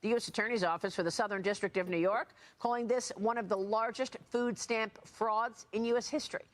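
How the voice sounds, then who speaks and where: A woman news anchor reading a report in a crisp, formal broadcast style. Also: fairly high pitch, fairly even intonation, brisk.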